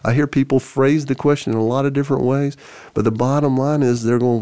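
A man telling a story on a podcast, animated, with many restarts and acted-out voices. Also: medium pitch, a little fast, smooth, no echo. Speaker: podcast co-host, church forum leader. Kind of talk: storytelling conversation.

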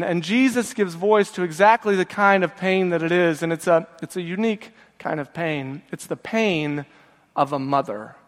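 Male pastor preaching, fairly high voice, long echo off a big church hall, trails off low at the ends. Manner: slows and drops low at phrase ends; emotive scripture reading. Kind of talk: sermon.

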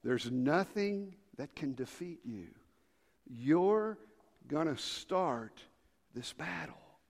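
Give me a man preaching a sermon in a large church, shifting from whispers to shouts, with a long hall echo. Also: fairly high pitch, expressive, extremely slow, gravelly. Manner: swings from hushed whispers to shouted rallying calls. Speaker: pastor.

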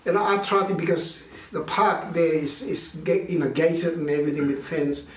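A man's voice: on the high side, fairly even intonation, moderate pace. A male minister giving an earnest, conversational sermon and telling a personal story, with many restarts. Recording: roomy, voice distant from mic.

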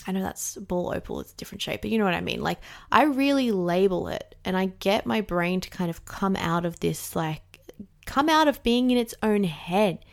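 Candid chatty woman with vocal fry. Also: mid-range voice, animated, moderate pace. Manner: candid and chatty, many "like" fillers, occasional swearing. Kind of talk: casual reflective monologue.

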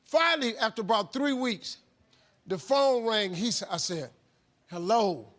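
A man delivers a motivational talk as a lively story, shouting and acting out phone conversations. His voice sits high for a man. It has a bright, forceful edge. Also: moderate pace. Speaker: motivational speaker.

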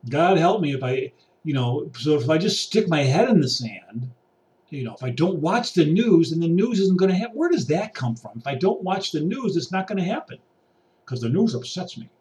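A vlogger paces around an indoor room ranting to camera, exasperated and preachy, swinging between muttering and raised outbursts. His voice is a little high, sing-song and a little mellow, at a moderate pace. He sounds distant from the mic.

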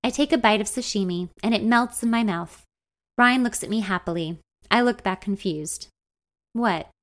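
A woman narrating a first-person novel in an even, wry storytelling manner. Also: medium pitch, normal speed. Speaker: audiobook narrator.

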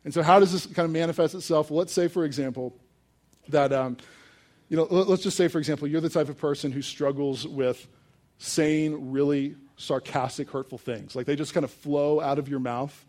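A man's voice: a little high, normal speed. Casual, story-driven young male preacher. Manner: casual storytelling with fillers, animated when telling a story. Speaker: pastor. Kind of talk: sermon.

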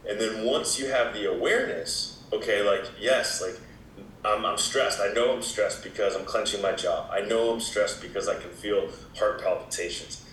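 A man talking as a wellness expert guest in a casual interview, with a relaxed, explaining manner full of "you know" fillers. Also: lowish voice, moderate pace, slight background noise. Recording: echoey room.

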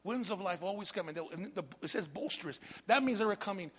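A man preaching a sermon, calling out to the congregation and building from quiet asides to loud shouts. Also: high voice, expressive, fast, slightly rough, in a large hall.

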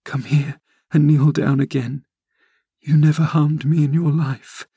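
A man's voice: on the high side, level tone, measured pace, dark tone, slightly rough, dry recording, voice pushed up, heavily acted. A man voicing a dying young woman, bitter and yearning, pleading with feverish passion.

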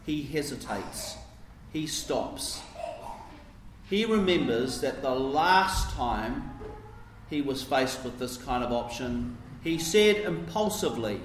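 A man preaching a sermon, explaining scripture in a reflective, explanatory way with soft dips and hesitations. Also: on the high side, sing-song, slow pace, slight background noise. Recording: echoey room with faint ambience.

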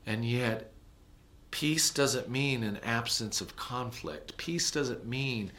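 Pastor guy preaching, bright edgy voice, gets loud then drops real quiet. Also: slow pace. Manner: swings from loud emphatic preaching to hushed, low delivery. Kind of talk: sermon.

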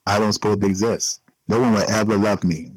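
Sex: man. Role: interviewee. Style: emotional personal interview. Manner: earnest, repeating points for emphasis. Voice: low-pitched. Sound: dry, close. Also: fairly even intonation, fairly quick, darkish tone, no echo, poor audio.

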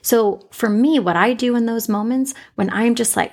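Husky woman hosting faith podcast. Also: fairly high pitch, fairly quick, darkish tone. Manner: off-the-cuff, conversational, emphatic repetition. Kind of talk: unscripted faith podcast monologue.

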